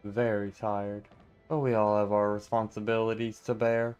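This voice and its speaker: A man reading every part of a game story aloud in a steady, mostly plain voice, breaking off now and then for casual asides. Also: on the low side, a little fast, clean tone, muffled recording, faint music behind.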